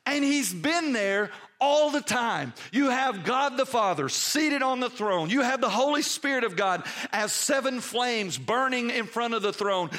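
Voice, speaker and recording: High-voiced pastor preaching. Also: male voice, lively intonation, unhurried, few pauses. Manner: emotional storytelling, swings from hushed to loud. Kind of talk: sermon.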